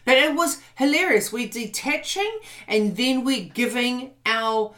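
A woman's voice: a little high, measured pace, pushed and bright. A woman co-hosting a podcast in casual chat. She is blunt and swears freely. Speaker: podcast co-host.

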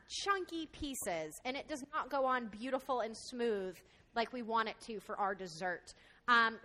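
A woman's voice: high-pitched, pushed and bright. A woman chef demonstrating a recipe on live radio, explaining step by step with many "um" fillers. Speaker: chef and cooking instructor.

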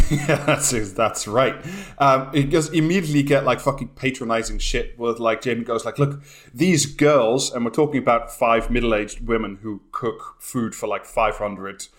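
A man's voice: medium pitch, steady tone, normal speed, few pauses, fairly bright tone. A British man co-hosting a casual comedy chat, sweary and sarcastic, often acting out mocking quotes. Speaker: podcast co-host.

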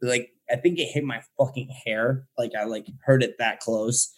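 Young man, guest on a casual chat show, profane, animated storyteller, average pitch. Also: normal speed.

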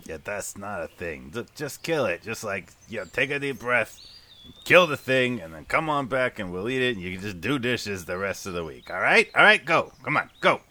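Boastful young goblin bully for a tabletop role-play, voiced by a man: quirky accent, lively and bright. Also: on the low side, exaggerated voice. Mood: bossy. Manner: fast, coaxing, bossy, with a put-on odd accent. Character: pushy young male goblin, boastful and bloodthirsty.

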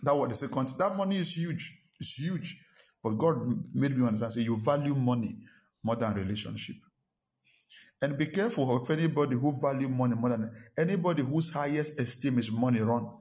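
In this sermon, a male pastor recounts a personal story and hammers his points home by repeating short phrases. He speaks at a medium pitch, a touch fast, with a darkish tone.

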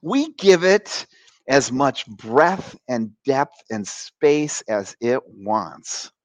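A man's voice: medium pitch, big pitch swings, extremely slow, no room sound. A man, a coach being interviewed, explaining ideas in a conversational way and acting out quoted voices with animation.

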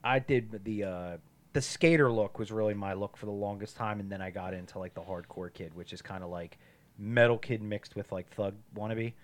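Joking young man in casual chat. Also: fairly low pitch. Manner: joking, crude, quick to tease. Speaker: podcast co-host. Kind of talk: casual chat reacting to a movie.

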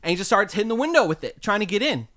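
A man's voice: high-pitched, big pitch swings, rapid-fire, pushed and bright, no echo, studio quality. A man in casual conversation, telling stories from his old overnight jobs in a laid-back, rambling way. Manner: laid-back, tells stories with quoted exclamations. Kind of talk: casual storytelling chat.

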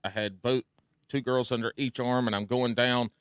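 Rambling man with a smooth voice. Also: mid-range voice, fairly even intonation, normal speed, fairly bright tone, no room sound, studio quality. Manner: rambling, self-mocking storyteller. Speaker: podcast co-host. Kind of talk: casual storytelling chat.

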